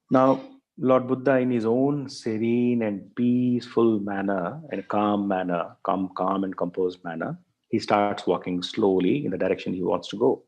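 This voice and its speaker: Male professor, low voice, loose storytelling lecture full of fillers. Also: a little mellow, lo-fi sound. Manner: frequent fillers, repeats words, thinks aloud.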